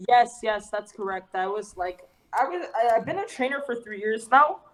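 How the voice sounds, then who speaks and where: A woman's voice: fairly high pitch, lively intonation, normal speed, rough recording. A young woman from Canada, a guest in a casual interview, talking loosely with lots of slang, fillers and swearing. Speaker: guest, fitness trainer and artist.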